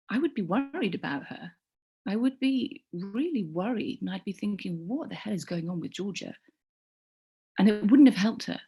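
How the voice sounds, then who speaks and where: A middle-aged woman telling a personal story in a halting, rambling way, with many restarts and soft whispered asides. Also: on the low side, breathy edge. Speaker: community group member.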